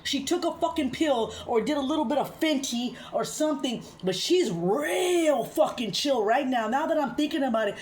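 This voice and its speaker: A woman vlogger rants through heated, profane reaction commentary that rises fast, sipping beer as she talks. Her voice is a little high, with a little hiss or hum.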